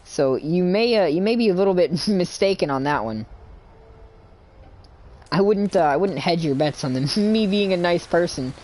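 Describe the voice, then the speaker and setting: A man's voice: high-pitched, lively intonation, normal speed, darkish tone. A young man casually commenting while live-streaming a fantasy game, swearing and rambling with frequent laughter. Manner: profane, giggly, rambling.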